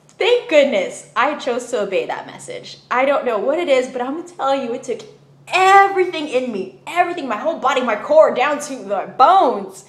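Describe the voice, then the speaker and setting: A woman's voice: sits high, big pitch swings, normal speed. A woman telling a personal story in a casual, emphatic way, full of "you know what I mean". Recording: roomy echo.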